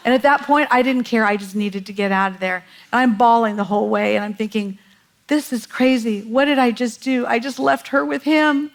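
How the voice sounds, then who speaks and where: A middle-aged woman telling a lively, laughing family story in a church message. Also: fairly high pitch. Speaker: pastor's wife sharing a story. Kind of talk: sermon storytelling. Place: church stage.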